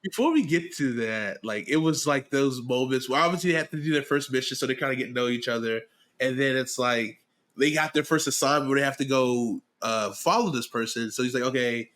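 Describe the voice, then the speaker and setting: A man's voice: medium pitch, a little fast, a bit bright. A man hosting a podcast in casual chat, recapping at length with lots of fillers. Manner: rambling, filler-heavy recap. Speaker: podcast host.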